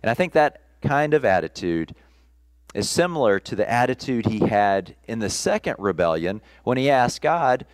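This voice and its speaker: A man preaching a sermon at a streamed church service, slow and deliberate with measured pauses. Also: medium pitch, big pitch swings, dry recording. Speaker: pastor.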